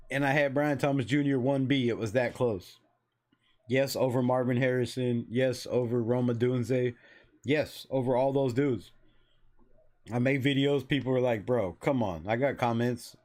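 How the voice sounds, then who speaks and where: A man's voice: mid-range voice, a little mellow. A man in his forties from Los Angeles, hosting a casual football channel in a loose, chatty way, swearing freely and laughing at himself. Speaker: sports channel host. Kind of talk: casual sports commentary.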